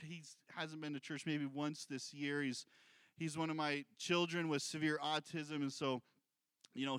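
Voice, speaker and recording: Middle-aged male pastor, bright tone, chatty sermon delivery with questions to the crowd. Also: on the high side, dry recording. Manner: conversational preaching, repeats key points, asks the congregation questions.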